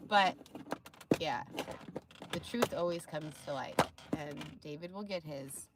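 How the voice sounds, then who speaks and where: A woman's voice: deep voice, slow, pauses often, heavy background noise. A young woman live streamer talking in a casual vlog rant, swearing freely and full of scorn. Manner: profane, scornful, ranting.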